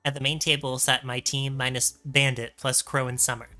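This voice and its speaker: A man's voice: medium pitch, little pitch movement, moderate pace, pushed and bright. A male streamer reading a fan story aloud with a guest, joking as he goes. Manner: reads narration, breaks off laughing and joking.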